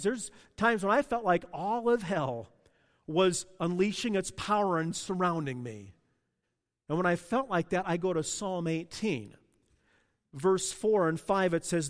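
High-voiced preacher in a reverberant hall. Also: male voice. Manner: storytelling, asks the congregation questions. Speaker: pastor. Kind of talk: sermon.

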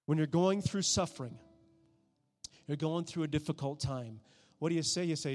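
High-voiced preacher in a reverberant hall. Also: male voice, normal speed, long pauses. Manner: swings from soft hushed prayer to loud emphatic preaching. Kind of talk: sermon.

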